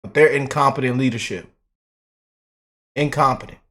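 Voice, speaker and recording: A man hosting casual political reaction commentary, talking in an animated, mocking, slangy way with repeated words. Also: mid-range voice, moderate pace.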